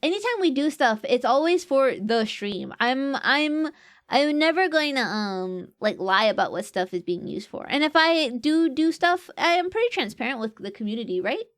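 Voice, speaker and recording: A woman's voice: high voice, animated, normal speed. A young woman streamer chatting casually and reading out viewer comments, playful and jokey and often laughing. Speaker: VTuber streamer.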